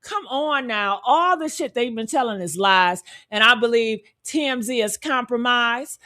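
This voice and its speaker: A woman's voice: a little high, animated, measured pace, bright, forceful tone. A woman hosting a reaction show, talking bluntly and heatedly, firing off rhetorical questions. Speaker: commentary show host.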